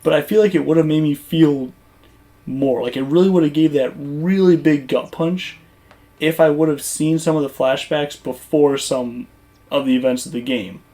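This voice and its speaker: A gaming YouTuber talking casually over gameplay footage, rambling and conversational with lots of fillers and restarts. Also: male voice, fairly high pitch, moderate pace, warm tone.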